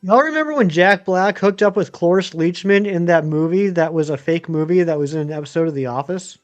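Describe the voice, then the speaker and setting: A man in his thirties talks loosely to his viewers, drifting between topics and filling gaps with ums. His voice sits high for a man. Soft music plays faintly behind him. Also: brisk, highs cut off. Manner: rambling, chatty, many ums and uhs. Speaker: game streamer. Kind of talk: casual live-stream chat answering viewers.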